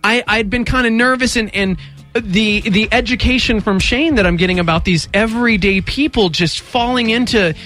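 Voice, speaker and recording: A young man hosting a radio talk show, telling a story in casual chat, animated and acting out voices in quotes. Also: high-pitched, soft background music. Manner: animated, acts out voices in quotes, quick bursts. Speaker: radio station host.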